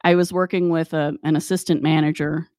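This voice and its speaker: A woman telling a work story in a chatty, wry, animated way. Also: sits low, a little fast, clear, resonant tone, no room sound, studio quality. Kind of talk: casual storytelling.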